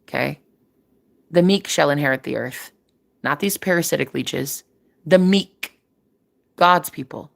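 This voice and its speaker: A woman's voice: deep voice, a little slow, vocal fry, pauses often. A woman giving a casual spiritual reading, emphatic and preachy, repeating phrases for effect and swearing casually. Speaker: spiritual reader. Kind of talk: casual spiritual vlog talk.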